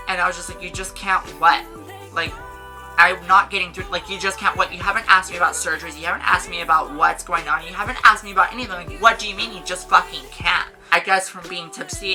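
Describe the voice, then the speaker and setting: A young woman telling a casual storytime on her vlog, animated, swearing and saying "like" a lot. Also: fairly low pitch, low-quality recording. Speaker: vlogger.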